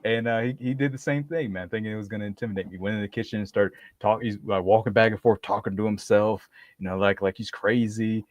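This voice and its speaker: A lowish-voiced man hosting a podcast tells a story quickly and casually, laughing a lot and voicing the people he quotes with animated energy. The recording is muffled, with no room sound.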